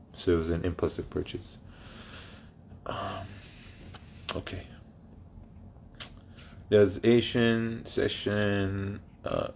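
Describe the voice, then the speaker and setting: A man hosting a trading livestream, reading chat questions aloud and answering them bluntly, with plenty of swearing and laughter. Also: lowish voice.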